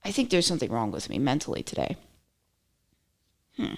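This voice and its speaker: A woman's voice: rumbling low, huge pitch swings, a little fast, vocal fry, a little mellow. A woman hosting her own podcast, talking in a chatty, rambling way with many "like"s and playful asides. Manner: chatty, rambling, self-interrupting with lots of "like"; playful, slips into mock voices for quotes. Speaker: podcast host. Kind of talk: casual solo commentary.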